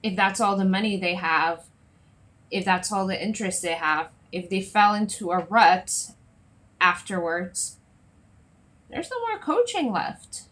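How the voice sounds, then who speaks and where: A woman's voice: mid-range voice, measured pace. Chatty woman coach talking live. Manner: chatty, often checks in with "right?" and "okay?"; lively, acts out little scenes in other voices. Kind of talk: solo Facebook Live talk to viewers.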